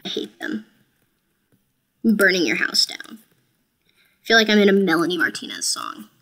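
A woman's voice: mid-range voice, huge pitch swings, normal speed, pauses often, pushed and bright. A woman streaming a game, talking casually to viewers in a chatty, self-mocking and playfully dramatic way. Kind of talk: casual gameplay commentary.

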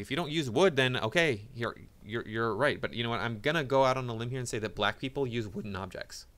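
A man delivers casual online reaction commentary in a sarcastic, mocking tone. His voice sits at an ordinary middle pitch. He stumbles into repeated words and restarts as he talks. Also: fairly bright tone.

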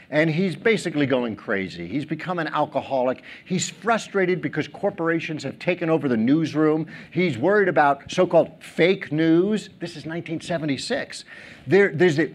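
A middle-aged man giving a keynote speech on a theater stage, telling stories, acting out quotes and joking with the audience. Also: fairly high pitch. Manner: animated storyteller, acts out quotes, jokes with audience. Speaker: keynote speaker.

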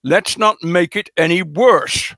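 A man's voice: sits high, slow, a bit bright, no echo. A man being interviewed as a scholar, explaining in a lecturing way with frequent hesitations and fillers, stressing key words for emphasis.

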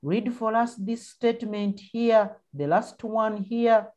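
A teacher with a Ugandan English accent leads an online primary class over video, encouraging pupils with frequent uh-huhs and mm-hmms. Her fairly high voice is steady and slow with a darkish tone, and the sound is lo-fi.

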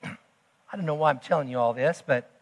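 A man preaching a sermon as pastor, emphatic, swinging between loud declarations and hushed asides. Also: on the high side, normal speed. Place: church sanctuary. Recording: long church hall reverb.

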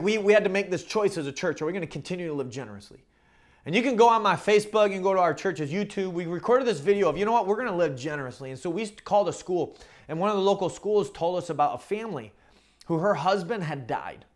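A male pastor preaching a sermon, swinging from loud emphatic calls to quiet storytelling and repeating phrases for emphasis. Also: on the high side. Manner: repeats "don't miss that" for emphasis.

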